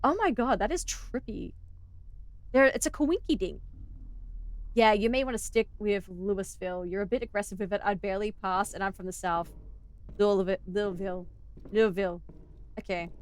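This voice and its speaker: A woman's voice: mid-range voice, normal speed. An Australian woman streaming a game, chatting with viewers in a joking way and laughing often. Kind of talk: casual gameplay chat.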